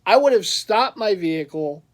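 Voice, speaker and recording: A man's voice: high voice, expressive, moderate pace. A man chatting casually in a vlog, telling a rambling story with frequent laughs and restarts. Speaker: collector vlogger.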